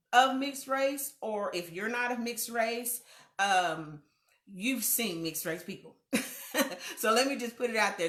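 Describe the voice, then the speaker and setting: A middle-aged woman with a mid-range voice hosts a casual youth mentoring livestream from an echoey room at home. She's an animated storyteller, acting out quoted voices and laughing along the way.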